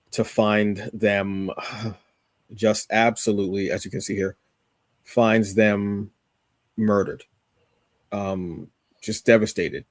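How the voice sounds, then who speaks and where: A man's voice: on the low side, no room sound, studio quality. A man co-hosting a podcast, casually reviewing a comic with rambling enthusiasm, many fillers and restarts.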